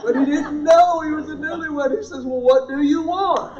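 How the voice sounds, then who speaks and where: A man's voice: extremely high pitch, normal speed, a crowd in the background. A man in his fifties doing stand-up comedy at a church event, telling stories and acting out the people in them. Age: 50s. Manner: animated storytelling, acting out quoted dialogue. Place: large hall before a live audience. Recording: roomy, distant, dull hall recording.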